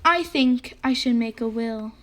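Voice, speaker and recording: A woman's voice: on the high side, measured pace, lightly acted. Woman doing a grumpy, self-pitying storybook bear with a cold, grumbling and melodramatic. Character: sick grumpy dramatic male bear.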